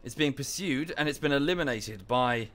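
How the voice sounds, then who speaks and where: Young streamer, mid-range voice, chatty and easily sidetracked, desk mic at home. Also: male voice, mid-range voice, animated, moderate pace, fairly bright tone. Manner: chatty, easily distracted, self-deprecating. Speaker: game streamer. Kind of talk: casual live-stream commentary. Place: room at home.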